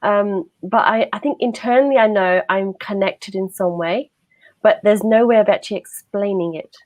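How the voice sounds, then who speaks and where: A woman's voice: medium pitch, moderate pace. British female co-host, thoughtful and hesitant, easy conversational tone. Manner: reflective, hesitant, with frequent "um" and "like". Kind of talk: casual chat.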